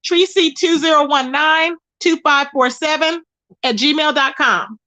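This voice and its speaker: Woman livestream host, high bright voice, indignant repetitive rant, tired. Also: measured pace. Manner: indignant, repetitive, calling out by name. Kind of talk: ranting live stream commentary.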